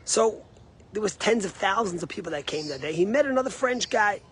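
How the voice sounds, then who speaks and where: A male rabbi giving a short sermon with a story. He speaks emphatically and loudly at first, then drops to a quiet, earnest tone. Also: sits high, expressive, a little fast, breathy edge.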